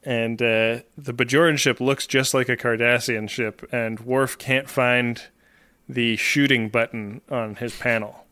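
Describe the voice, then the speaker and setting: Bright, smooth-voiced podcast man. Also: medium pitch, steady tone, a little slow, no echo, studio quality. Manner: wry and jokey, narrating scenes. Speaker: podcast co-host. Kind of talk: casual podcast chat.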